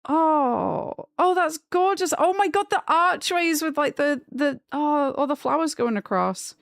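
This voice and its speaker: A woman's voice: high-pitched, measured pace, creaky, no echo. Chatty woman streamer, dry close sound. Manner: chatty and rambling, gushing when excited. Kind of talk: casual live-stream chat.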